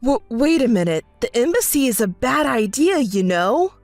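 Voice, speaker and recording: A woman's voice: fairly high pitch, very animated, moderate pace, a little mellow, dry recording, soft background music. A woman voicing an evasive, apologetic young husband in a text story, stammering and placating.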